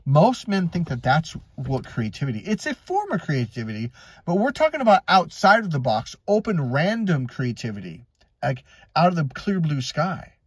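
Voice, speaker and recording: A man's voice: a little high, big pitch swings, moderate pace, breathy edge, no room sound. A man coaching listeners in a casual motivational monologue, blunt and profane, telling stories and acting out the dialogue. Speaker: life and relationship coach.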